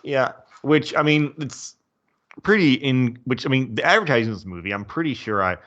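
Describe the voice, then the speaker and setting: Male podcast co-host, bright forceful voice, laughs a lot, slightly dull lo-fi audio. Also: medium pitch, moderate pace. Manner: laughs often, acts out quotes. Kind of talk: casual movie review chat.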